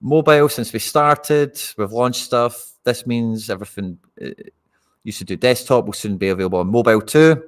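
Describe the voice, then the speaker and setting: A man's voice: medium pitch, moderate pace. A Scottish man hosting a live fantasy football stream, chatting casually and talking straight to his viewers. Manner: chatty, addresses viewers directly.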